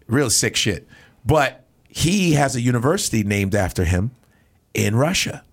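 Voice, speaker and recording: A man's voice: medium pitch, sing-song, unhurried. A man from Nigeria, a comedian guest, telling casual stories on a talk show, acting out other people's voices and swearing freely. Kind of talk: casual podcast storytelling.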